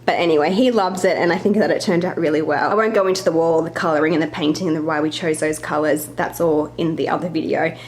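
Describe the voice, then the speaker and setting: A woman's voice: deep voice, fairly even intonation, quick pace, few pauses. A young woman giving a chatty home tour as a vlogger, a bit out of breath and apologizing now and then. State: slightly out of breath. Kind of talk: casual home tour narration.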